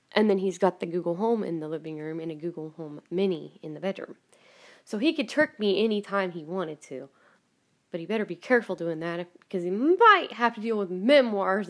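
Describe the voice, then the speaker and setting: A woman hosting her own podcast, chatting casually at home, rambling with frequent laughs and some swearing. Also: medium pitch. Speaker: podcast host. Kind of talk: casual personal monologue. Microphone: home recording.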